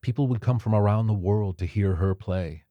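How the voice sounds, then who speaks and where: A man narrating a novel in a steady, measured storytelling voice. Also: lowish voice, no echo, dull audio. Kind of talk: audiobook narration.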